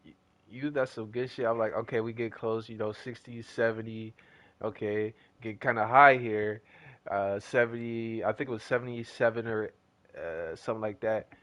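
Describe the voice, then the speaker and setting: A man's voice: on the low side, fairly even intonation, moderate pace, a bit bright, no room sound. A young man chatting casually as a gaming streamer, telling a rambling story in slangy talk.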